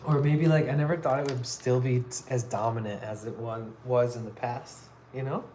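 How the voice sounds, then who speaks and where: A man's voice: medium pitch, normal speed, slight background noise. Rambling, easygoing man streaming from his phone. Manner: rambling, relaxed, lots of "like" and "kinda crazy". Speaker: livestreaming artist. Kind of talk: casual live-stream chat while working.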